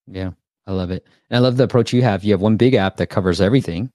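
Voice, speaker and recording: A man's voice: fairly low pitch, quick pace, darkish tone, no echo, clean studio sound. A man hosting a casual live interview, upbeat, reading out viewer comments to his guest. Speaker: host.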